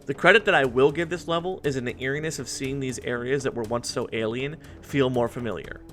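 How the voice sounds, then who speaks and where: A man's voice: medium pitch, fairly quick, fairly bright tone, faint music behind. A man in his twenties narrating a scripted video essay in an earnest, reflective way.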